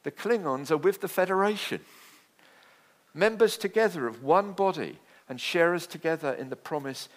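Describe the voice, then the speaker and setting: Male pastor, sermon delivery, conversational with light jokes, very lively pitch. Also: moderate pace. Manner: animated, conversational preaching with asides and jokes.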